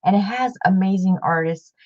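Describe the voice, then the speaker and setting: A woman's voice: mid-range voice, moderate pace, a little mellow, muffled recording. A woman hosting a craft video, talking casually to her viewers in a chatty, rambling way with many fillers and restarts. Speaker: craft channel host.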